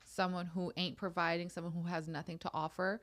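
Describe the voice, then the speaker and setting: A young adult woman co-hosting a casual sister chat, blunt and animated, swearing as she tells stories. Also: lowish voice, a little fast. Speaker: podcast co-host.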